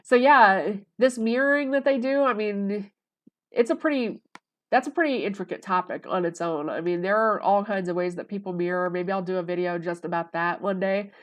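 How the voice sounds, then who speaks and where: Chatty woman vlogging in a mid-pitched voice. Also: normal speed. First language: English. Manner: rambling and conversational, with many fillers. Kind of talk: casual monologue to camera.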